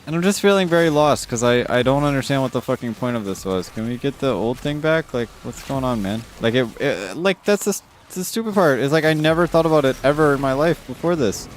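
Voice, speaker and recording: A man's voice: expressive, fairly quick, hardly any pauses, slight background noise. A man streaming live, ranting casually with lots of swearing while reading chat comments. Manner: ranting, frequent swearing, rising exasperated pitch. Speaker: livestreamer.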